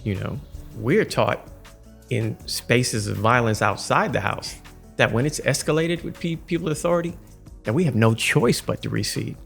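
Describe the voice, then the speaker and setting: A man co-hosting a podcast, speaking in an articulate, measured way in casual chat. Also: medium pitch, vocal fry, a bit bright, faint music behind. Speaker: podcast co-host.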